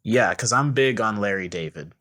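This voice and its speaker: A young man with a lowish voice, chatting casually as a podcast co-host. He riffs and jokes his way along in a loose, playful way. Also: lively intonation, moderate pace, bright, forceful tone. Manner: joking, riffing, frequent laughs. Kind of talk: casual comedic chat.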